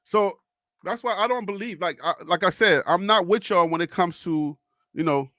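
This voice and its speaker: A Brooklyn, New York man hosts a live stream and argues back at viewer comments in casual chat, rebutting them. His voice sits high and sounds pushed and bright, at normal speed, with no room sound.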